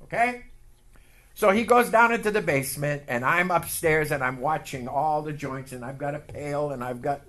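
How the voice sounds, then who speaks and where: A man preaching a sermon and telling a personal story, emotional and building to loud outbursts. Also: on the high side, normal speed. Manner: emotional, building to shouts, leads call-and-response. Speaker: pastor. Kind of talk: sermon with testimony.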